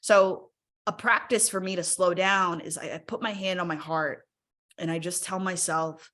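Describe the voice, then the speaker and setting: A woman's voice: on the low side, steady tone, normal speed, fairly bright tone. A woman speaking casually in a live webinar, chatty and encouraging, often checking in with her audience with "right?". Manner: encouraging, invites audience to use the chat.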